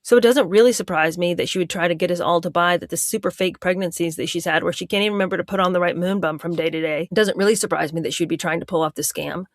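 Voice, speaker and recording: A woman with a fairly low voice comments in a sarcastic, incredulous tone. The recording is dry and close. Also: fast talker, hardly any pauses, no room sound. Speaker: guest commentator. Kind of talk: casual commentary.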